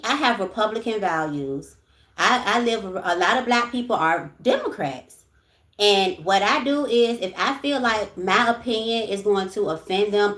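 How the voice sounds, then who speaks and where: A woman's voice: a little high, a bit bright, echoey room. A woman hosting a casual livestream, talking bluntly with lots of swearing, moving between ranting and soothing her viewers. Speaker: livestream host.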